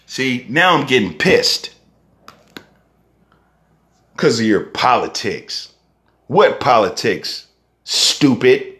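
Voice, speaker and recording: Profane Bay rapper ranting heatedly. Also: male voice, medium pitch, very animated, slow pace, long pauses, a bit bright. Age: young adult. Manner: heated, profane and repetitive, with rhetorical questions.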